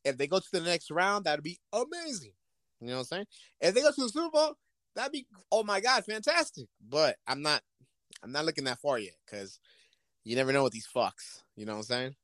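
A man in casual sports banter, his pitch sitting a bit high and leaping all over as he acts out imagined exchanges in different voices. His voice is close and dry, with no room sound, and his talk is loose and full of swearing. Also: brisk, dry recording. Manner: profane, animated, acts out imagined dialogue. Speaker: podcast co-host.

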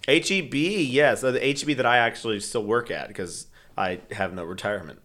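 A man's voice: mid-range voice, brisk, fairly bright tone. A man in his thirties co-hosting a podcast, joking and laughing often in casual chat. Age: 30s. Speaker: podcast co-host.

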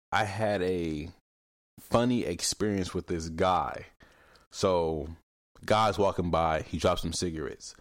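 Recorded dry at studio quality, a young solo podcast host with a low-pitched voice tells blunt, animated stories. He curses without restraint and imitates the voices of the people in them.

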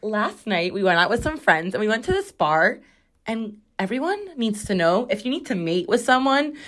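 A woman's voice: medium pitch, very animated, a bit bright. A young adult woman hosting a casual podcast with her sister, joking and chatty, recorded on a bathroom floor. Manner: bubbly, joking, quick to plug her socials. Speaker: podcast host. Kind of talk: casual chat.

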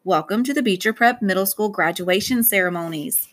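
A woman voicing a stern male school director delivering a measured, formal graduation speech. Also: medium pitch, fairly bright tone, natural voice.

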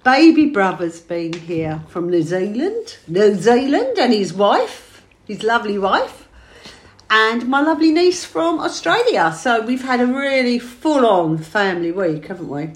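A middle-aged woman from England chats and tells a family story, laughing often. Her pitch swings widely in a lively way. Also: a little slow. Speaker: podcast host. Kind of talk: casual chat.

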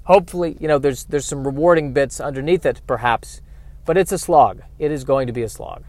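A man hosting a solo comedy podcast from his car, wry and self-deprecating, breaking into loud exasperated rants. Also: mid-range voice, fairly quick, dry recording. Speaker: podcast host. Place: in a car while driving and parking.

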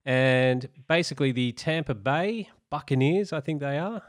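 An Australian man hosting a podcast, measured and wry, reading headlines aloud. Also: fairly high pitch, expressive. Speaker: podcast host. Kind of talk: casual podcast commentary.

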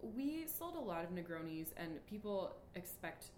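A woman's voice: lowish voice, sing-song, moderate pace, darkish tone, reverberant, a little hiss or hum. A woman hosting a podcast in casual chat, laughing often and reading passages aloud. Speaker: podcast host.

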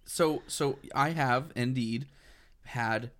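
A mid-pitched, chatty co-host who spins everyday stories with rising excitement and plenty of "like" fillers. The delivery is loose and unscripted. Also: takes it slowly. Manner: animated storyteller, heavy use of "like". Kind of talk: casual chat.

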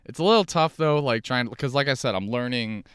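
A young man hosting his own podcast, rambling through profane, animated stories while sitting in his car. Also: medium pitch, fairly quick, clean tone, dry recording, studio quality. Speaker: podcast host and stand-up comic. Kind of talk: casual solo podcast monologue. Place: inside a car.

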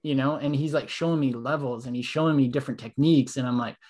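A man's voice: medium pitch, quick pace. Chatty man telling stories, full of "like". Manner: animated storytelling, lots of "like", acts out quotes. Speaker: podcast co-host. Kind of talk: casual chat.

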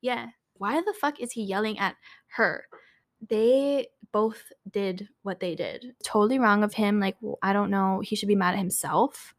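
A woman's voice: mid-range voice, measured pace. A woman co-hosting a podcast, telling a story in a casual, chatty way, full of "like" and "um" and free with swear words. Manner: chatty, filler-heavy, swears freely. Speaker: podcast co-host.

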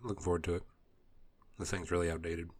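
A man's voice: sits low, level tone, quick pace, a little mellow. A man co-hosting a podcast, laid-back and a little hesitant in casual talk. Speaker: podcast co-host.

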